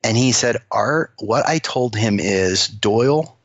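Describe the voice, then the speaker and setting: A man's voice: on the low side, slow, hardly any pauses, no room sound. A man, a company CEO, telling workplace stories as a guest and acting out the quoted dialogue. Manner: animated storyteller who acts out quoted dialogue. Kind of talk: storytelling interview talk. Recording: dull dry lo-fi audio.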